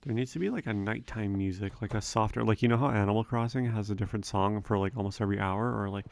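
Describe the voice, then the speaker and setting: A young man giving relaxed, rambling gameplay commentary, thinking aloud with frequent fillers. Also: fairly low pitch, fast, gravelly, dry recording. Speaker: let's play gamer.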